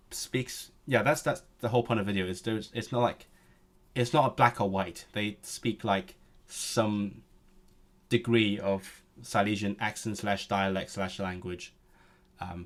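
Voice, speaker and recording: A young man hosting a casual live stream, talking at a desk mic with many fillers and restarts. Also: medium pitch. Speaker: language streamer.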